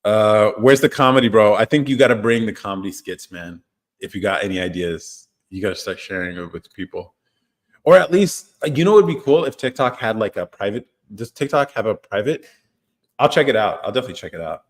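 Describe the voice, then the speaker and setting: A man's voice: fairly low pitch, animated, brisk. A man hosting a live stream, chatting casually with viewers, reading their comments and chuckling often. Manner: laid-back, chuckles often, trails off. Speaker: livestream host.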